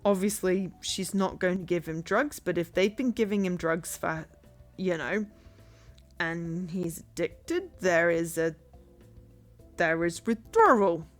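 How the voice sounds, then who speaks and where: A woman's voice: lowish voice, fairly even intonation, measured pace, faint music behind. A woman streamer giving casual game commentary, chatty and thinking aloud.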